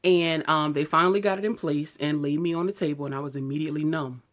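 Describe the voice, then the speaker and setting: Low-voiced woman in her thirties telling a story. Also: quick pace. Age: 30s. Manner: candid, animated retelling, heated when quoting herself. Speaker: beauty vlogger. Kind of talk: casual storytelling to camera.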